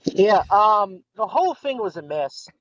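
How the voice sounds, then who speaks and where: Talking a little slowly in a high, fairly bright voice with big pitch swings, a US man guests on a podcast via an online voice call. The chat is casual and rambling with many ums and restarts, and the call audio is dull and lo-fi.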